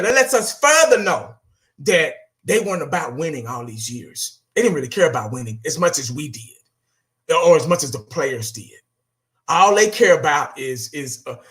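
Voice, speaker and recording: A man's voice: on the high side, very animated, normal speed, fairly bright tone. A man hosting his own channel, ranting bluntly and with profanity, talking straight to his viewers. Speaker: fan channel host. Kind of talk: casual solo rant.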